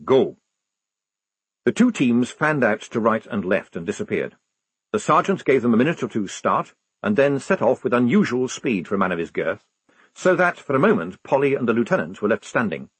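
A man narrating an audiobook with an expressive, varied delivery. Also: medium pitch, a little fast, slightly rough, dry recording. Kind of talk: scripted narration.

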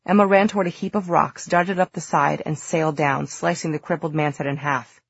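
Low, gravelly woman narrating an audiobook. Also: steady tone, fairly quick, dry recording, muffled recording.

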